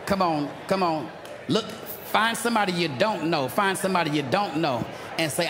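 Emphatic preacher man with a high voice. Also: normal speed, crowd noise, noisy background. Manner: emphatic, rising to shouts, call-and-response. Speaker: pastor. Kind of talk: sermon. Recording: reverberant hall, faint ambience.

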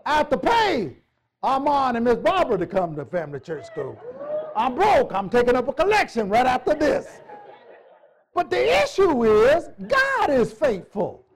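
A man's voice: very high-pitched, wildly swooping pitch, moderate pace. A male pastor preaching a sermon in a church, emphatic, repeating phrases and joking with the congregation.

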